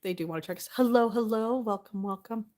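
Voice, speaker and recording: A woman's voice: mid-range voice, fast, darkish tone. A giggly young woman chats casually on her livestream. She laughs often as she talks and greets her viewers one by one by name. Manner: giggly, laughs often, reads out chat names. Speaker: live streamer.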